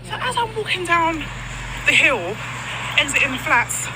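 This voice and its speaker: A woman with a Nigerian accent telling a story outdoors, animated and acting out the quotes. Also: sits high, a little slow. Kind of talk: storytelling vlog. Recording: street noise with passing cars.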